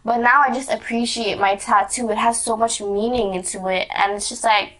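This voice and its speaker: A woman's voice: on the high side, fairly even intonation, normal speed, fairly bright tone. A young woman vlogger telling a casual story, rambling with lots of fillers, restarts and giggles.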